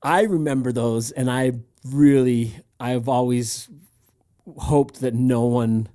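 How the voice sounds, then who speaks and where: A man's voice: medium pitch, fairly even intonation, slow, mellow. A man co-hosting a casual podcast chat, rambling with frequent laughs and restarts. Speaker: podcast co-host.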